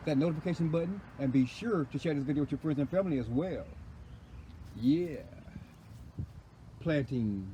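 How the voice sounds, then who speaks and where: A man chats casually about his garden beds, repeating himself and leaning on the same friendly phrases. He is recorded outdoors in a front yard garden. Vehicles and general outdoor noise come through clearly behind his voice. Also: on the high side. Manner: repetitive, folksy, says "indeed" and "you guys" often. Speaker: gardening channel host. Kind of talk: casual garden vlog narration.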